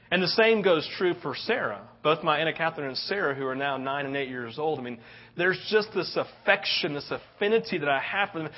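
A man's voice: high-pitched, lo-fi sound. A man in his thirties preaching a sermon, telling a story animatedly and often asking "right?". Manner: animated storytelling, tag questions. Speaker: pastor.

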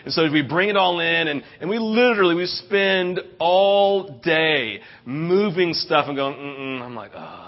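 A middle-aged pastor tells stories from the pulpit in a chatty way and keeps asking "right?". His voice sits a little high and shoots up loud when he acts out someone's excitement. The recording is dull and lo-fi. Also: a little slow, hardly any pauses. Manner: animated, jumps to a loud high voice for quoted excitement. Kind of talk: sermon with storytelling.

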